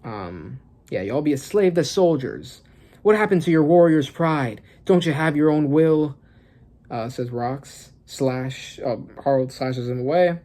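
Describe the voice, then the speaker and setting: A young adult with a mid-range voice reacts to a new manga chapter in casual commentary at a measured pace. They read panels aloud, gasping and laughing excitedly, with plenty of fillers.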